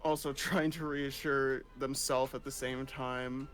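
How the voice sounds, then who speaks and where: A man playing a tabletop role-playing game, talking through his character's feelings in drawn-out, fumbling phrases. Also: mid-range voice, level tone, fairly bright tone, faint music behind. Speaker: player. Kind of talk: casual tabletop play.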